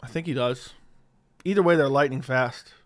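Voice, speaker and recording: A livestream host with a medium-pitched voice talks at a normal speed. He casually reads viewer questions aloud and tosses off answers, swearing freely into a studio dynamic mic.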